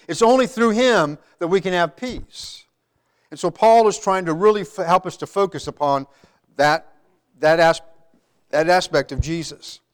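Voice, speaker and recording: A man with a notably high-pitched voice delivers a sermon in a loose, conversational way. He restarts phrases and repeats words as he works through the point. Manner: conversational, many restarts and repetitions. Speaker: pastor. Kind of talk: sermon with congregation.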